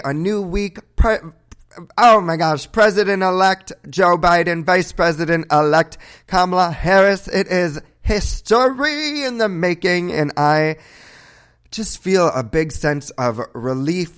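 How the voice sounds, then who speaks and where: A man's voice: on the high side, fairly bright tone, clean tone. A man hosting a morning podcast, chatting effusively to his listeners and guest, whooping and gushing with thanks. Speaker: podcast host. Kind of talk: upbeat show sign-off chat.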